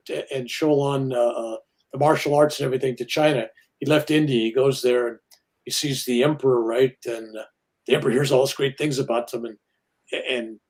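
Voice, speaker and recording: An older man, a minister and guest, talking earnestly about spirituality and acting out quoted voices as he tells stories. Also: mid-range voice. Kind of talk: spiritual interview talk.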